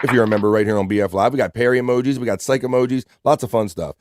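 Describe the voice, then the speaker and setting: A man's voice: mid-range voice, racing, heavy background noise. A man with a US East Coast accent hosting a casual livestream, upbeat, reading chat messages aloud and greeting people by name. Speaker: livestream host.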